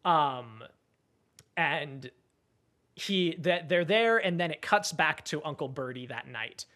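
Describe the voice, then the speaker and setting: A man co-hosting a podcast, excitedly retelling a film's plot and acting out the characters' lines. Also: fairly high pitch, takes it slowly. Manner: animated plot retelling, acts out quotes. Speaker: podcast co-host. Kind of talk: casual film discussion.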